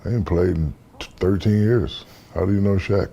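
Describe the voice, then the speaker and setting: A man in his fifties from the United States, an interview guest telling stories in a relaxed, casual way and acting out the voices in them. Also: deep voice, moderate pace, gravelly, breathy edge, dull audio. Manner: relaxed storyteller, acts out quoted dialogue.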